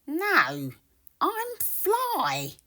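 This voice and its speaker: A woman's voice: very high-pitched, wildly swooping pitch, extremely slow, sharp tone, voice pushed up, full character voice. A woman voicing a tiny, chatty fly in a storybook read-aloud.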